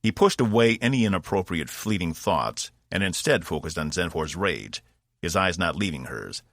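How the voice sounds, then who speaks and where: Male audiobook narrator, deep voice, measured and expressive, dry close recording. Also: no room sound. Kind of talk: scripted narration.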